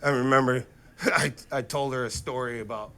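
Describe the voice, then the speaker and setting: A man doing stand-up comedy on stage, telling animated stories from his life into a handheld mic. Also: mid-range voice, slight background noise. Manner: animated, quick to act out quotes. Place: comedy stage before a live audience.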